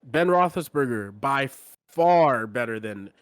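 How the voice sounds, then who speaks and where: A man's voice: medium pitch, expressive, takes it slowly, smooth, no room sound. A man co-hosting a casual sports podcast, talking bluntly and with strong opinions, often trailing off and restarting his sentences. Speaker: podcast co-host.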